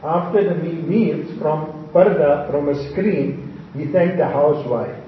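A man gives a sermon to his congregation and teaches through anecdotes and wry, humorous asides. His voice sits a little high for a man. It comes from far off the mic in a strongly echoing hall, with a dull, lo-fi sound. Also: measured pace, slight background noise. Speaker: Islamic preacher.

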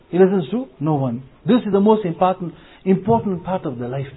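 Man, preacher, high voice, husky, repetitive rhetorical style, tinny phone-like sound. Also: animated, moderate pace, pauses often. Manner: repetitive, rhetorical questions, anecdotal. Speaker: Muslim preacher. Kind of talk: Islamic talk to youth.

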